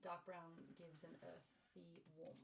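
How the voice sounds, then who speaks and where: A woman's voice: fairly low pitch, level tone, takes it slowly, gravelly, crowd noise. A woman co-hosting a live hobby stream, reading comments from chat in brief, dry remarks.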